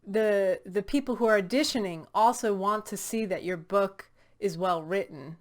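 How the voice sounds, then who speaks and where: A woman's voice: medium pitch, moderate pace. A woman host from the United States asking follow-up questions in a casual interview, joking at times.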